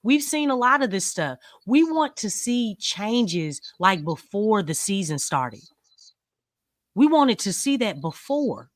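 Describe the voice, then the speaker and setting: A woman's voice: medium pitch, sing-song, slow pace, no echo, clean studio sound. A woman co-hosting a casual basketball postgame chat, talking emphatically and arguing her point. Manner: emphatic, argumentative. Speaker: co-host.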